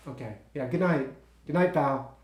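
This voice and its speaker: Here the same twenty-something character, insecure and quick to frustration, stammers and restarts his way through a solo stage monologue aimed at unseen partners, now in a catty mood. The pitch is medium and the tone darkish, close to an everyday voice, with roomy theatre acoustics.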